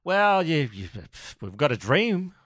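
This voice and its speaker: A man's voice: fairly high pitch, sing-song, takes it slowly, fairly bright tone, dry recording. A man co-hosting a podcast, bantering casually and telling crude, jokey stories. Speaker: podcast co-host.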